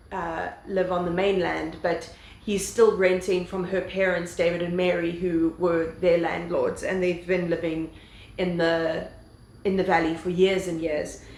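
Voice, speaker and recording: On a rough recording with some reverb and a faint hiss or hum, a woman with a fairly low voice chats casually on her vlog about books. She rambles, uses plenty of fillers and drops the occasional swear word.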